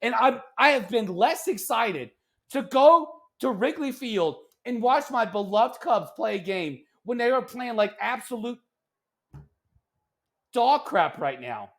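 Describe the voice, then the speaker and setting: A man's voice: very high-pitched, a little slow. Fired-up ranting man, sports podcast. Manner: ranting, animated, gets loud and exasperated. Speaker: podcast co-host. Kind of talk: casual sports chat.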